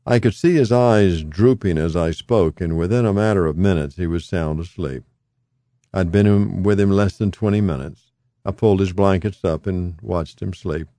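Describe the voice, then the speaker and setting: A man reading his own memoir aloud in a calm, measured way. His voice sits a bit low and sounds mellow and warm. The recording is close and dry, with no room sound. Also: no echo. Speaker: narrator. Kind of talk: first-person audiobook memoir narration.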